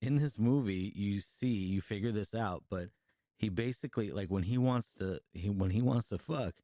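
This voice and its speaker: A man's voice: lowish voice, normal speed, warm tone, no room sound, clean studio sound. A man co-hosting a podcast, casually retelling a movie scene by scene in a rambling, profane way, full of fillers and restarts. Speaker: podcast co-host reviewing a movie. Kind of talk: casual chat, retelling a film.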